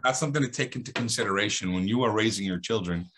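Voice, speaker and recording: A man speaks as a guest on an Islamic talk show. His voice has a bright, forceful edge. He tells a story with lively, dramatic emphasis that rises and falls. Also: fairly low pitch, rapid-fire, a little hiss or hum.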